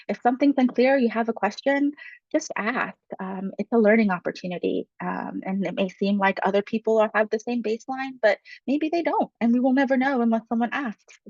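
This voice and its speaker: Woman facilitator with a gravelly, dry voice. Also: mid-range voice, dry recording, dull audio. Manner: friendly, conversational, with frequent um fillers. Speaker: workshop facilitator. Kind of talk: webinar presentation.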